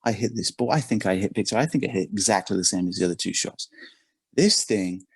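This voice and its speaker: An English man, a performance coach, tells an animated story in a podcast interview, often repeating his words. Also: lowish voice, quick pace, breathy edge, dry recording. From England.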